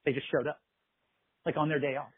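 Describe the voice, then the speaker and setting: Man, husky, gravelly, animated storyteller, dry tinny phone-line sound. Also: a little high, a little fast, dry recording. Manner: animated anecdotes, quotes others, laughs often. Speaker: festival producer. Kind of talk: casual interview storytelling.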